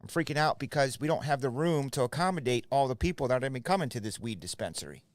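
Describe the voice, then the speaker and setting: A man's voice: medium pitch, expressive, fast talker, dry recording. A middle-aged man hosting a live card break from his shop, chatting casually and rambling to viewers by name. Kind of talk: casual live stream chat.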